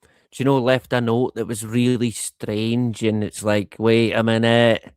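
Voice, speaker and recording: A man's voice: medium pitch, little pitch movement, unhurried, darkish tone, clean tone, dry recording, studio quality. A man hosting a livestream in a casual, rambling monologue, laughing often and swearing freely. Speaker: livestream host.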